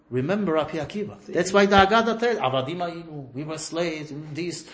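A man's voice: on the high side, a little fast, few pauses, reverberant. A man leading an informal religious class, telling stories and acting out the dialogue with bursts of laughter. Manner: storytelling, acts out dialogue with laughing outbursts. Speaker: rabbi teaching a class.

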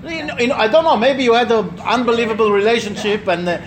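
With crowd noise behind him, a middle-aged rabbi or teacher talks fast in a very high-pitched voice. He leads a religious class conversationally, sharing stories, asking listeners questions and acting out voices.

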